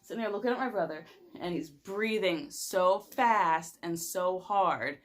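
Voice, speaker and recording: A young woman vlogger telling a personal story in a casual, animated way, laughing often and using lots of fillers. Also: lowish voice, measured pace.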